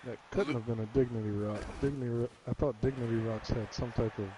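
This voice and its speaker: A man giving color commentary on an online match, relaxed and agreeable, mostly brief replies. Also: medium pitch, fast, slight background noise, rough recording. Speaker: co-announcer.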